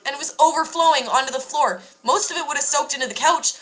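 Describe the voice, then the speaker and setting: A woman's voice: high-pitched, fast talker, hardly any pauses, a bit bright, poor audio. A young woman casually telling a story to camera, candid and emphatic, swearing freely. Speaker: vlogger.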